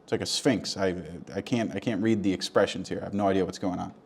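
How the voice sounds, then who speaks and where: Young male comic vlogger, slightly low voice, deadpan crude rambling. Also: quick pace, creaky. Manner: crude, mock-earnest rambling with profanity. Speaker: comedy vlogger. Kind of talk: deadpan comedic monologue.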